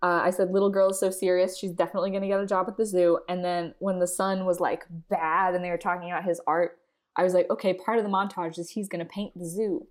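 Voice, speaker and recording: A woman's voice: lowish voice, little pitch movement, fast talker. Chatty woman podcast co-host. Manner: chatty, laughs often, acts out her own reactions. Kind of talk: casual movie chat.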